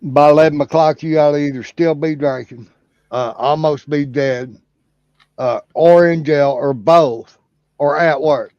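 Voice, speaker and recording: A man's voice: a little high, measured pace, a little mellow, no echo. Man, channel host, rambling drawl, heavy cursing, muffled dry recording. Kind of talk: casual profane chat and joke telling.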